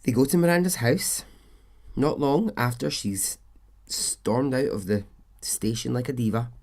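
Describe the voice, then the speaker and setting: A man's voice: medium pitch, darkish tone. Chatty man telling a story. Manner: chatty, conversational asides. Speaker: podcast host. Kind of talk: casual true-crime storytelling.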